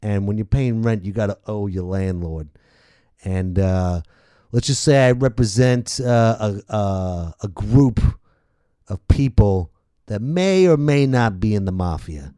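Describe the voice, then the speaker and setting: A man putting on a falsely courteous middle-aged mob enforcer who hedges with many pauses. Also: fairly low pitch, lively intonation, warm tone, clean tone, no echo, studio quality, voice pushed down. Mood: smooth menace. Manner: hesitant, falsely courteous, full of "uh"s.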